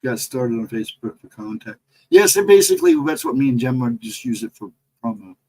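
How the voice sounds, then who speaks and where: A man's voice: medium pitch, huge pitch swings, brisk, gravelly, darkish tone, breathy edge, poor audio. A middle-aged man, co-host of a paranormal livestream, telling a personal story in a rambling, casual way and chatting with viewers between stories.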